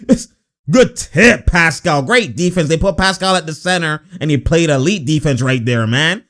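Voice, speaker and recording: A man giving casual, slang-filled reaction commentary on basketball footage, animated and exasperated. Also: fairly high pitch, normal speed.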